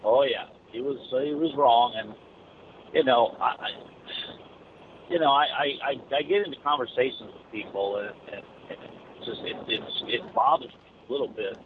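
A man's voice: mid-range voice, expressive, moderate pace, pauses often, noisy background. A man who drives a truck, calling in and talking casually in a rambling way with many restarts, heard over a phone line. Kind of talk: casual chat.

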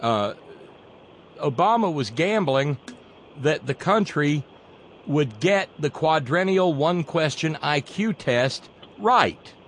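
Lively wisecracking male talk host. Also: fairly high pitch, a little hiss or hum. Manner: wisecracking, quick asides. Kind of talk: casual chat.

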